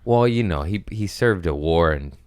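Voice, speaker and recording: Man, podcast host, deep voice, dry studio mic, rambling crude comedy. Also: lively intonation, darkish tone, clear, resonant tone, no room sound. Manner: rambling, crude storytelling with quick put-on voices. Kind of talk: casual comedic chat. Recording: dry close studio sound.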